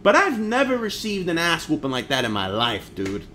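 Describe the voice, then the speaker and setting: A man's voice: a little high, wildly swooping pitch, normal speed, pushed and bright, slight background noise. A young man who grew up in Harlem, telling personal stories in a blunt, profane, slangy vlog manner. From Harlem, New York. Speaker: vlogger. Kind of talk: casual storytelling vlog.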